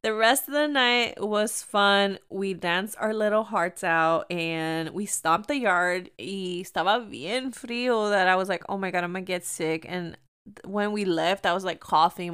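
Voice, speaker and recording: A woman's voice: medium pitch, unhurried, a bit bright, clear, resonant tone. A young woman hosting a podcast, telling a casual story full of "like" and mixing English with Spanish. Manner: chatty, switching between English and Spanish, lots of "like". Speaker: podcast host.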